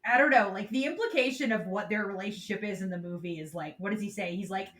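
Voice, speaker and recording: A woman's voice: mid-range voice, quick pace, hardly any pauses, a bit bright, echoey room, a little hiss or hum. Woman cohost rambling thru her take on a book, lots of likes and ums, medium voice. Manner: chatty, many fillers, thinking aloud. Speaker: podcast co-host. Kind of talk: casual book discussion.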